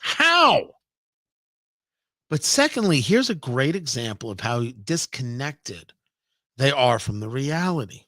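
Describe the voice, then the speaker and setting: A man's voice: mid-range voice, sing-song, slow pace, long pauses, pushed and bright, no room sound, studio quality. A man hosting a radio talk show, delivering a sarcastic, mocking opinion monologue with emphatic asides. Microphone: studio microphone, live-streamed show.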